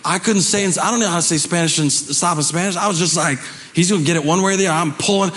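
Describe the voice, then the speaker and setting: A man preaching a sermon as pastor, telling stories dramatically and swinging between shouting and hushed, quiet lines. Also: sits high, quick pace, big-room sound. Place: church sanctuary.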